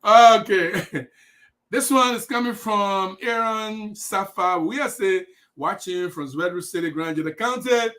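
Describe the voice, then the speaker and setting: A man's voice: sits high, unhurried, a bit bright. A man with a Liberian English accent hosting a live stream, talking in an emphatic, repetitive, preachy way. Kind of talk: impassioned political livestream.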